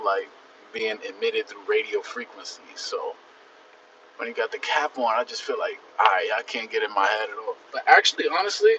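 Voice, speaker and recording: A man's voice: medium pitch, fairly bright tone, distant mic, a little hiss or hum. A young man chatting casually and rambling on his livestream, full of slang. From the Bronx, New York. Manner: rambling, slangy, laid-back. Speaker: livestream host. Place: out and about in the city. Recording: dull phone audio from off-mic.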